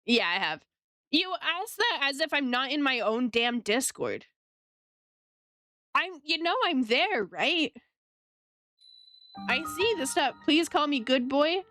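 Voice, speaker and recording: A woman's voice: sits high, big pitch swings, slow pace, long pauses, bright, forceful tone, dry recording. A woman streamer chatting casually with her chat while she draws, playful and teasing, laughing often.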